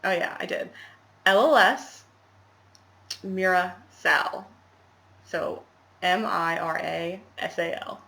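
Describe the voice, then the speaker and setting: A woman's voice: fairly low pitch, slow pace, creaky, long pauses, fairly bright tone. A young woman chatting casually to camera about her cross-stitch, rambling with laughing asides, recorded at home in a small apartment.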